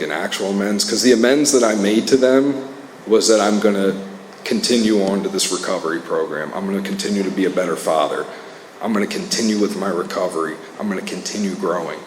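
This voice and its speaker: A man in his thirties speaks in a low voice, telling his own story in an earnest, conversational way that is full of fillers and restarts. His voice rings through a roomy meeting hall with a long reverb tail, and faint room noise sits underneath. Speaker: recovery speaker. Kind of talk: personal testimony talk.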